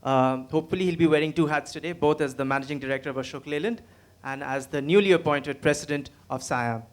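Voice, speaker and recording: A man's voice: a little high, quick pace. A man moderating a conference session and introducing speakers, courteous and hesitant with fillers.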